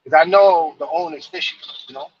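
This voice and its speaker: A man's voice: on the high side, fairly even intonation, a little fast, lo-fi sound, slight background noise. Man from New York telling a rambling story. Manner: rambling, many fillers and repeated phrases. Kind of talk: casual storytelling.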